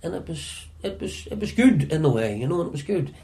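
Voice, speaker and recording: A Northern Irish man telling stories from his past in an interview, often halting and repeating words as he searches for them. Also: a little high, sing-song, gravelly, dark tone, slight background noise. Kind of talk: reflective storytelling.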